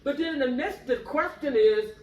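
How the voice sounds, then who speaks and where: A woman's voice: high-pitched, animated, moderate pace, lo-fi sound. An older woman in a candid group discussion who tells stories expressively and laughs often. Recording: roomy, distant mic.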